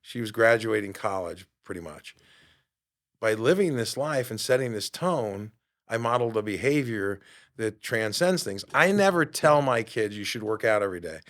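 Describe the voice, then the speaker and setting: This is a fitness coach and podcast host in his fifties, speaking at a normal speed in a medium pitch. He gives an animated pep talk and acts out the voices he quotes.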